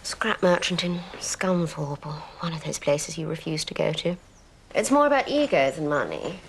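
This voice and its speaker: A woman's voice: low voice, expressive, moderate pace, gravelly, slight background noise. An actress with a posh English accent playing a dry, teasing woman in a TV drama. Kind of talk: TV drama acting.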